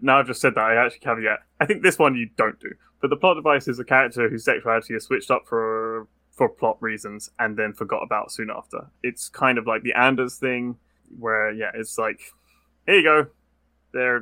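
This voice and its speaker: A young British man talks in a relaxed podcast conversation, jumping into little acted-out quotes as he goes. His voice is bright and forward, recorded close and dry with no room around it. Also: mid-range voice, no room sound. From Britain. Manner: quick, animated, acts out quotes. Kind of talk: casual podcast chat.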